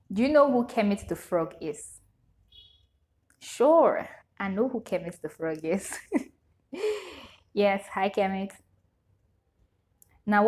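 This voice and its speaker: Her medium-pitched, slightly mellow voice carries a Nigerian English accent as she vlogs a relaxed question-and-answer session. She reads every question out and answers it, laughing frequently.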